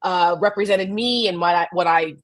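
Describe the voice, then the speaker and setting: A woman's voice: fairly low pitch, normal speed, poor audio. A woman co-hosting a casual political chat show over a video call, talking bluntly and with animation, cursing now and then. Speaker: co-host.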